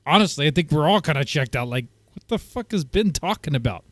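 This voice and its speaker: A man's voice: fairly high pitch, lively intonation, fairly quick, a bit bright, no room sound. Crude, mocking male streamer. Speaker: streamer reacting to clips. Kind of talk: casual stream commentary.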